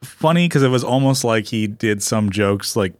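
A man's voice: on the low side, moderate pace, no echo, clean studio sound. A man, a fellow comic on a podcast, chatting casually, laughing often and acting out what people say. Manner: laughs often, acts out quotes.

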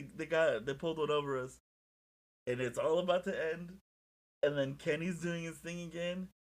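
Excitable, profane young man. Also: fairly high pitch. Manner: excitable, profane, animated storytelling. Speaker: podcast co-host. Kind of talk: casual chat.

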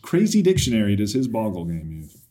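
A man co-hosting a podcast, chatting in a playful way and reacting quickly with surprise. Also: lowish voice, huge pitch swings, mellow. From United States. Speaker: podcast co-host, labor lawyer. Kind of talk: casual podcast chat.

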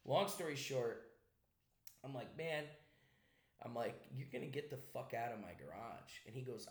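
A young man with an Italian-American accent, a podcast host telling a story in casual chat, profane and animated, slipping into voices. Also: medium pitch, moderate pace, pauses often. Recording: echoey room.

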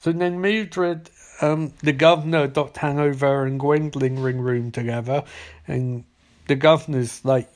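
A man's voice: mid-range voice, fairly even intonation, measured pace. A man casually recapping and reviewing a TV episode in a loose, chatty way. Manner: chatty, loose, with frequent restarts.

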